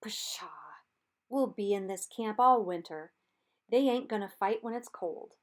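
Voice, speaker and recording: A woman's voice: mid-range voice, unhurried, lightly acted. A woman voicing an easygoing grown soldier who talks in a scoffing, dismissive way.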